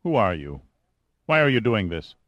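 A man's voice: fairly low pitch, sing-song, moderate pace, a bit bright, no room sound, dull audio. A man voicing a big, proud and stubborn male scientist who speaks in a demanding, indignant way.

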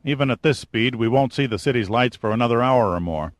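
A man's voice: mid-range voice, expressive, fairly quick, no echo, lightly acted. A man voicing a cocky, unflappable boat captain in an audiobook, teasing and confident. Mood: cavalier. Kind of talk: audiobook character voice.

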